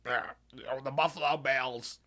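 A man's voice: medium pitch, steady tone, normal speed, bright, forceful tone. A young man chatting casually on a podcast, laughing often and mimicking radio voices. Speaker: podcast co-host. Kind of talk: casual chat.

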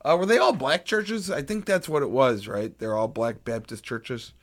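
A man's voice: mid-range voice, moderate pace. A young man co-hosting a podcast, chatting casually, swearing often and cutting himself off. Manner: swears a lot, interrupts himself. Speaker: podcast co-host.

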